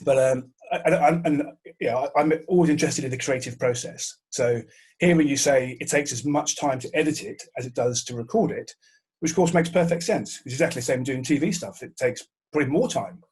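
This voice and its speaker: Husky middle-aged host. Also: male voice, medium pitch, fairly quick, a little mellow. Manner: friendly, reflective, with stammered starts. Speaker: host and TV presenter. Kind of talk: casual video-call conversation. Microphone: video call.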